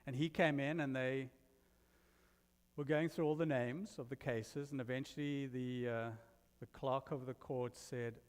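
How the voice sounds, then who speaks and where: A man from abroad delivers a sermon in an animated storyteller's manner, slipping self-deprecating humor in between the spiritual points. His voice sits in an ordinary middle pitch. The sound carries the long reverb of a church hall. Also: unhurried. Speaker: guest minister. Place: church sanctuary.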